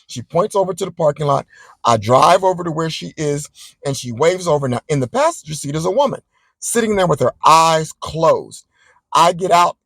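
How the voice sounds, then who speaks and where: A man vlogging, chatting straight to his viewers as he tells a story in a casual, animated way. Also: a little high, moderate pace, vocal fry, no echo, low-quality recording.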